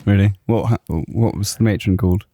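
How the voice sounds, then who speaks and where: A man's voice: lowish voice, fairly quick, warm tone, a little hiss or hum. A man co-hosting a podcast, dropping dry, teasing interjections into a casual chat. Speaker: podcast co-host.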